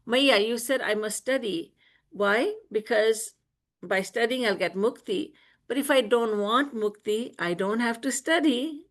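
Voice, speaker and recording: A woman's voice: a little high, a little slow, a bit bright. A woman voicing a small, mischievous boy god who whines and pleads in a childlike way during a spoken storytelling session. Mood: cheeky.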